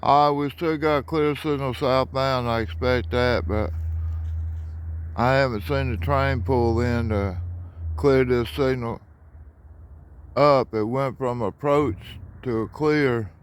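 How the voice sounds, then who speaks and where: Monotone man by the tracks. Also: mid-range voice, slow pace, clean tone. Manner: flat, monotone delivery. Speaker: railfan vlogger. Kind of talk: casual narration while filming trains. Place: outdoors by railroad tracks at dusk.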